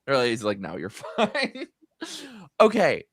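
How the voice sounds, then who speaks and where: A man's voice: a little slow, dry recording, clean studio sound. A middle-aged man hosting a live stream, telling a long anecdote in a chatty, gossipy way. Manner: chatty, storytelling, swings high in pitch when excited. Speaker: host. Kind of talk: casual live-stream chat.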